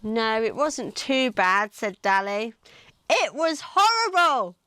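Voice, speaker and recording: A woman's voice: on the high side, expressive, slow pace, pushed and bright, clean tone, no echo, studio quality, exaggerated voice. A woman voicing a timid, grumpy male dinosaur who complains a lot, in a storybook reading. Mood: grumbling. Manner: whiny, complaining.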